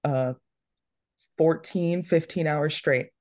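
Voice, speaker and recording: A woman's voice: sits low, takes it slowly, a little mellow, no echo, clean studio sound. A young woman in her twenties, co-hosting a podcast and telling a story in casual chat, with lots of "like"s. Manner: chatty storytelling, many "like"s. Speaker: podcast co-host.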